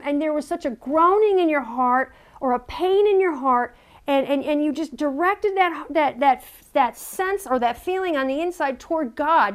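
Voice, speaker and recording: A woman preaching a sermon in an earnest way, often repeating words as she searches for them and asking her listeners direct questions. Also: high voice.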